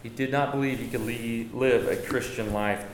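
A man's voice: mid-range voice, fairly even intonation, normal speed. A man teaching a church Bible class in a conversational, joking way, often correcting himself. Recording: echoey room, faint noise.

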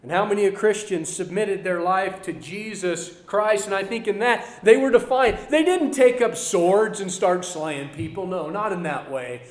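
A man preaching a Sunday lesson, earnest, moving between loud emphasis and quiet asides. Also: high-pitched, moderate pace, few pauses, echoey room. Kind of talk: sermon.

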